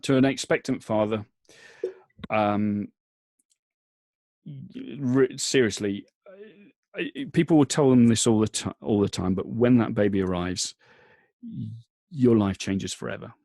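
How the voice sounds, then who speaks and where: A man's voice: fairly low pitch, unhurried, gravelly, long pauses, a little mellow, dry recording, clean studio sound. A man, a father, talking as a podcast guest, earnest and rambling with lots of restarts, emotional at times. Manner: emotional, choking up. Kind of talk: casual interview chat.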